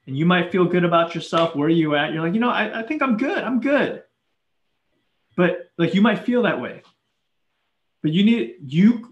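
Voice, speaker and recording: Casual preaching man, roomy echo. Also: sits high. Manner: casual, conversational preaching with many fillers. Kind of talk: sermon.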